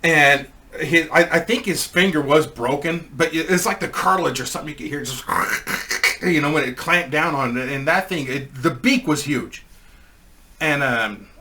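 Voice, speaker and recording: A man with a fairly high, bright, forceful voice tells a rambling comic anecdote. He is crude and casual and laughs along at his own story. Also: normal speed.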